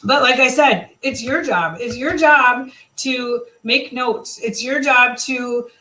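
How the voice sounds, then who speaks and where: A woman's voice: a little high, takes it slowly, sharp tone, rough recording. A woman leading a live team video chat, talking casually and motivationally, rambling with fillers and restarts. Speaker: team leader.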